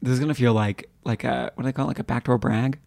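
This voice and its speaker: A woman co-hosting a podcast in casual chat, animated and playful, laughing often. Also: extremely low pitch, quick pace, vocal fry, dry recording, clean studio sound. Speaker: podcast co-host.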